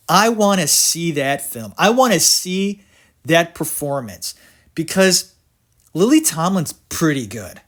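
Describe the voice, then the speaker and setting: A man hosting his own podcast, rambling through an excitable rant about film history, swearing and laughing at himself. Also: fairly high pitch. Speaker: podcast host.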